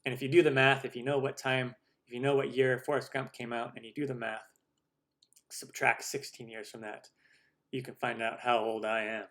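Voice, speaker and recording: A man in his forties hosts a live question-and-answer stream, talking loosely and jokingly about himself. He rambles with lots of ums and restarts, in an ordinary mid-pitched voice. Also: flat delivery, normal speed, fairly bright tone. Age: 40s. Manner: chatty and rambling, self-deprecating jokes, many fillers. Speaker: cooking show host.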